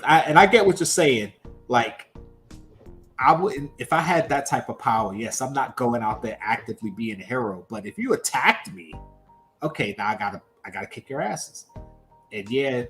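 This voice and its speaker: A man co-hosting a livestream, talking casually about pop culture in an animated, emphatic way full of rhetorical questions. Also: mid-range voice. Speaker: livestream co-host.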